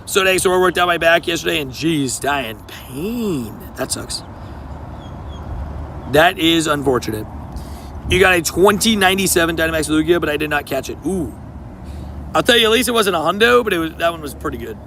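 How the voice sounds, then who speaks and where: A man's voice: fairly high pitch, lively intonation, a little fast, vocal fry, pushed and bright, a little hiss or hum. A young man streaming casually to his live chat, laid-back and slangy, greeting viewers by name while outdoors.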